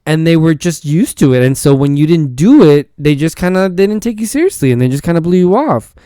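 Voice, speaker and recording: A man's voice: on the high side, animated, brisk, warm tone, smooth, no echo, clean studio sound. A man who is a teacher and podcast host, telling a story in a rambling, casual way with many false starts and repeated words.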